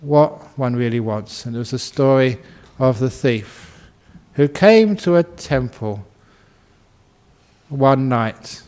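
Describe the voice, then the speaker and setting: A Buddhist monk gives a relaxed, humorous dharma talk that includes a story, laughing often. His voice is medium-pitched and his pace slow.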